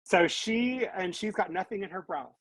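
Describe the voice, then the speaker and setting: A woman with a husky, slightly breathy voice hosts a casual live stream. She is upbeat and talkative and keeps calling her viewers "guys". The sound is dry and close, as on a video call. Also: mid-range voice, moderate pace, dry recording. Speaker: host.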